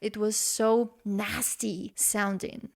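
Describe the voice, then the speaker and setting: A woman hosts a casual reaction commentary, her pitch sitting in a middle range. She talks expressively and slips into short sung snippets to make her points. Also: slow pace, creaky, loud music behind the voice. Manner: expressive, sings snippets to illustrate. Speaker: host reacting to a song.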